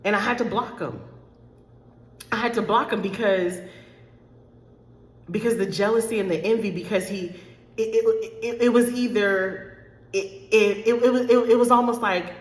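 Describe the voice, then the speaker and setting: A woman's voice: mid-range voice, moderate pace, pauses often. A woman life coach talks straight to her followers, candid and close to tears, stumbling and repeating herself. Her voice sits in a middle range. The room rings with a long, echoing reverb. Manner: candid, emotional, repeats herself, addresses viewers as y'all. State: choked up, near tears. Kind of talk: direct-to-camera talk to followers.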